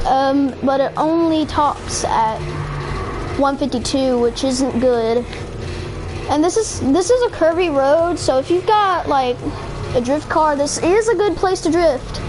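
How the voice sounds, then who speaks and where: A woman giving casual let's-play commentary on a racing game, rambling with many fillers and restarts. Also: sits high. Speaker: gaming channel host. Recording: noisy with car game sounds. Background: racing game engine noise.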